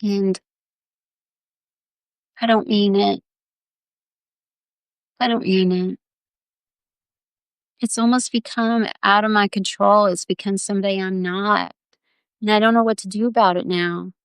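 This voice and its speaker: Woman playing a crying, remorseful woman, halting sobbing apology, slow, gravelly edge, dry close sound. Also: medium pitch, fairly even intonation, dry recording, close to an everyday voice. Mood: tearful, remorseful. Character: tearful remorseful woman confessing, pleading to change. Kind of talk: guided visualization role-play.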